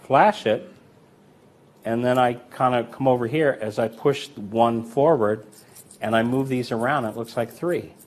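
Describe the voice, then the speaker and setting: A man speaking a little slowly, at medium pitch, teaches a coin sleight-of-hand routine in a relaxed, conversational style. Counting the coins aloud as he shows each move, he tells anecdotes about older magicians and acts out their words.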